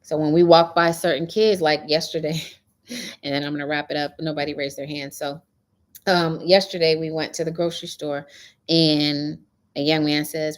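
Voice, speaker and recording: A woman's voice: low-pitched, a little fast. A middle-aged woman hosting a casual spiritual talk, telling stories with animation and a preachy edge. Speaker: host.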